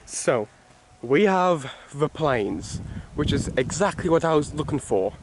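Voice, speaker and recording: A man's voice: a little high, lively intonation, unhurried, noisy background. A man casually talking through a video game as he plays it, rambling and restarting his sentences. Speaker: gaming video host.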